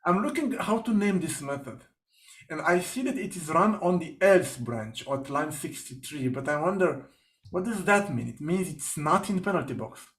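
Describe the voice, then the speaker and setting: A man's voice: a little high, lively intonation, breathy edge. Man talking through code aloud. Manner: thinks aloud, directive, quick asides. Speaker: session facilitator. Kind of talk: guiding a live coding session.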